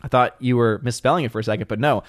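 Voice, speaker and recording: A man's voice: mid-range voice, racing, no echo, clean studio sound. A man hosting a live stream, reading viewer comments aloud and chatting about them, thinking aloud with restarts and small laughs. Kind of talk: casual live stream chat.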